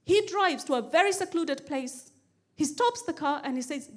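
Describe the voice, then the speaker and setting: A woman comedian on a stage mic, with a high, bright voice. She tells her stories with animated energy and repeats phrases for comic build-up. Her quoted pleas are acted out. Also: normal speed. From Kenya. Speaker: stand-up comedian. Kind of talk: stand-up storytelling.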